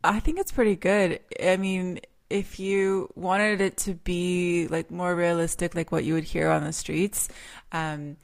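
Chatty woman, slightly low voice. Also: fairly even intonation, measured pace, creaky. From lives in France. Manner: chatty and emphatic, laughs often. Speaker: podcast co-host. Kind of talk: casual film chat.

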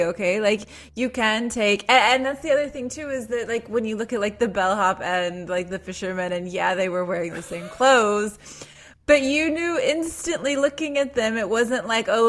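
A woman's voice: medium pitch, creaky. Chatty woman discussing a movie. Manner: chatty, lots of fillers and restarts. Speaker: podcast co-host.

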